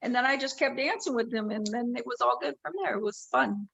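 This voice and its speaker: A woman with a fairly high voice talks over a video call as an interview guest. She tells casual stories with lively energy and laughs often. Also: a little fast, vocal fry, husky, highs cut off. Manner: animated storyteller who laughs often. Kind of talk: casual storytelling on a remote interview.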